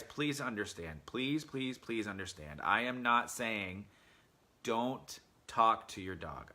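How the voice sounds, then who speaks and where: A man's voice: on the low side, pushed and bright. A man who trains dogs, talking earnestly in a casual podcast monologue and often repeating himself as he addresses his listeners directly. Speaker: dog trainer.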